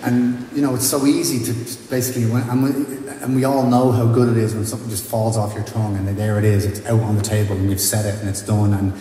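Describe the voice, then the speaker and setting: An Irish man tells a story between songs in a halting, rambling way, full of fillers and restarts. His voice sits a little low and sounds mellow. The live stage mic picks him up in a big stone church with long, rolling reverb. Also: level tone, slight background noise. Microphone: stage vocal mic. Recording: echoey church hall, faint ambience.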